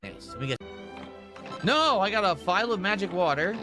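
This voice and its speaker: A man's voice: sits high, sing-song, moderate pace, over music. A man giving casual commentary while playing a video game, sometimes slipping into a mock French accent for the characters.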